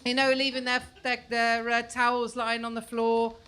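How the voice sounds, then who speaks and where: Bright, high-voiced woman doing stand-up. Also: flat delivery, moderate pace, clear, resonant tone. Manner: chatty, self-mocking, mimics her kids in shrill voices. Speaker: stand-up comedian. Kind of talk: stand-up comedy set. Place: comedy club stage before a live audience.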